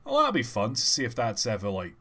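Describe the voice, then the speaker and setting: A young man, chatting and telling stories casually on a live stream, animated and dropping the odd swear word. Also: mid-range voice, a little fast, slightly rough.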